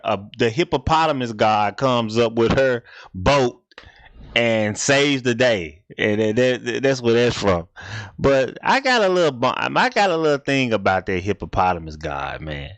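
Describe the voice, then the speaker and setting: A man's voice: mid-range voice, a bit bright, no room sound. Man, casual reaction commentary, rambling, repeats himself, mid-range voice, dry close sound. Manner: rambling, repetitive, laid-back. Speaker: reaction video host.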